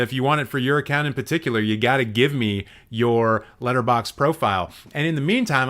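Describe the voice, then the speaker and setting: A man's voice: mid-range voice, a bit bright. A man hosting a comedic live stream, reading the chat with mock-menacing, profane, playful rants. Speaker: livestream host.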